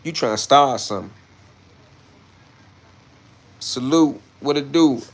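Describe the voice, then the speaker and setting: Gravelly brash man on a livestream. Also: mid-range voice, slow pace. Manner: brash, swears, moves between muttering and loud outbursts. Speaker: livestreamer reading chat comments. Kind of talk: casual livestream chat.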